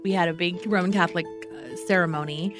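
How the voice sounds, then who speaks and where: A woman's voice: on the low side, steady tone, fast talker, over music. A woman guest telling, in an earnest reflective way, how she met and married her husband. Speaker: interview guest, wife. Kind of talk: reflective storytelling.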